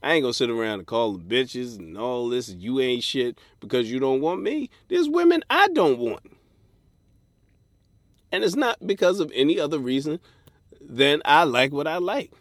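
A man delivers a solo comedic advice rant as a podcast host, blunt and full of swearing. His voice sits at an ordinary middle pitch. The recording is dry, with no room echo. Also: sing-song, moderate pace. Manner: blunt and profane, swings into mocking put-on voices.

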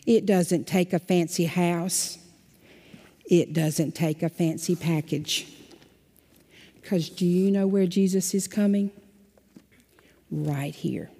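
A woman telling a story at a children's sermon in a church, asking the children lively, coaxing questions. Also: lowish voice, slightly rough. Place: church sanctuary. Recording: long hall reverb.

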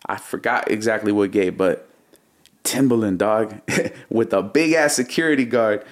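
A man in his thirties, a music producer as interview guest, telling a story in a slangy, animated way and acting out what he said back then. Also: fairly low pitch, moderate pace.

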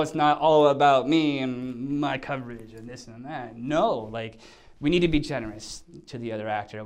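A man telling a lively anecdote about his acting work, acting out the scenes as he goes. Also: medium pitch. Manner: animated storytelling, acts out scenes. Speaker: actor telling a set story. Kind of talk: casual anecdote.

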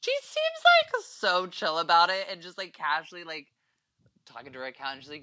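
A young man hosting a podcast in casual chat, animated and gossipy, acting out what others say. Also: high voice, brisk, dry recording. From California. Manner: animated, gossipy, acts out quotes. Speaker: podcast host.

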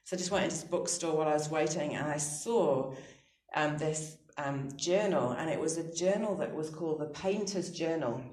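A woman in her thirties, a guest in an interview, telling personal faith stories in a thoughtful, soft-spoken way and laughing readily at herself. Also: low voice, normal speed. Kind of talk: reflective personal storytelling on faith. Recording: roomy echoey sound.

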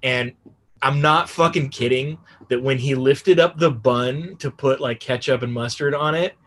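A man's voice: medium pitch, unhurried, fairly bright tone. A young man spins a loose, meandering anecdote in a plain mid-range voice. He swears often and drops "like" and "you know" into nearly every phrase as he goes. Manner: rambling, profane, full of "like" fillers. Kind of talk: casual storytelling.

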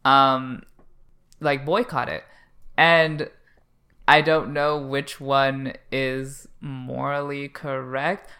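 A podcast co-host from Canada, talking through ideas thoughtfully with many fillers and pauses. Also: mid-range voice, flat delivery, sharp tone. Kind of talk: casual chat.

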